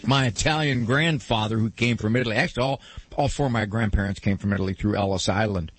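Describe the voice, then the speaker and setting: A man's voice: lowish voice, fast, soft background music. A man hosting a call-in radio show in a playful, teasing manner.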